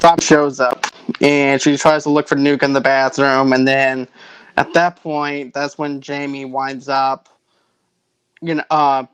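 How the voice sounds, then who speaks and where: A man hosting a movie review podcast, relaxed and laughing often as he recaps the plot. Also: medium pitch, clear, resonant tone, no room sound, poor audio. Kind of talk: casual chat.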